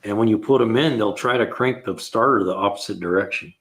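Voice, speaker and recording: Older male mechanic host with a somewhat low voice, rambling through shop stories and chuckling as he acts out his own lines. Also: quick pace, fairly bright tone. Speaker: host of a car repair live show. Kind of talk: casual shop talk.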